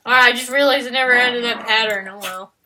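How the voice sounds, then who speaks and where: A woman's voice: fairly high pitch, quick pace, bright, forceful tone, a little hiss or hum. A woman chatting casually while she draws, rambling playfully and talking to her dog between comments. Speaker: digital artist. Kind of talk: casual chat while drawing.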